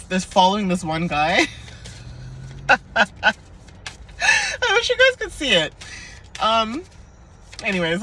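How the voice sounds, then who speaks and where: A woman's voice: fairly low pitch, pushed and bright, a little hiss or hum. A young woman giving a casual spiritual card reading in a chatty, playful, sassy way, laughing often. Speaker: oracle card reader.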